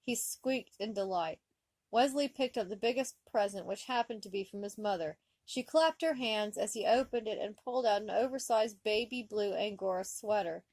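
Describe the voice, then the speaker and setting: A woman reading fan fiction aloud, with expressive comic narration. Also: mid-range voice, normal speed, no room sound. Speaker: story reader.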